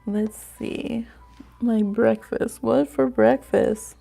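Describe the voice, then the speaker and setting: Chatty woman with vocal fry. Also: fairly high pitch, steady tone, drawn-out words, dark tone, faint music behind. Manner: chatty and rambling, often laughing. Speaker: astrology and tarot reader hosting a live stream. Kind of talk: casual live-stream chat.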